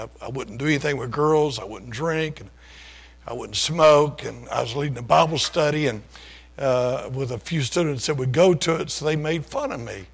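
An older man preaching, telling his own story in a folksy, self-deprecating, conversational way. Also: a little high. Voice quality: gravelly, husky. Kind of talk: sermon testimony storytelling.

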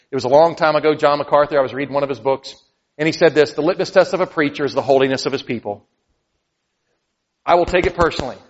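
A middle-aged man preaches as pastor, earnest and personal, dropping to quiet pleading and then rising to loud emphasis. His voice sits at a middle pitch. The sound is somewhat dull, with a long reverb from a hall. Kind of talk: sermon.

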